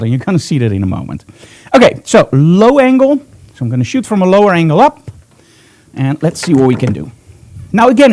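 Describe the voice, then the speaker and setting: A man's voice: a little high, dark tone. A man teaching photography live in a studio, talking chattily and upbeat as he thinks aloud while he works. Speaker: photography instructor.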